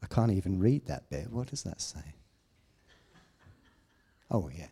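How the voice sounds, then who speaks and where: A man preaching a sermon, emphatic, with loud declamations and quiet asides. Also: deep voice, animated, measured pace, gravelly, breathy edge.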